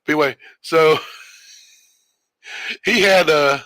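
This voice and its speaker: A man's voice: on the high side, slow pace, pushed and bright, no room sound. A man streaming a game and telling a long, rambling story in casual chat, correcting himself and chuckling as he goes. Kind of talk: casual storytelling while gaming.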